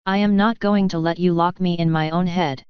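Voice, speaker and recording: A woman's voice: fairly low pitch, steady tone, moderate pace, clean tone, no echo, lightly acted. A woman voicing a defiant, angry young female unicorn scholar, emphatic and tense, on a dull, dry recording.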